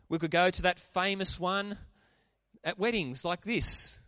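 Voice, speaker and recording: A man preaching a sermon, animated and calling out to the congregation for responses. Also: high-pitched, measured pace, clean tone, no echo, clean studio sound. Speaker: pastor.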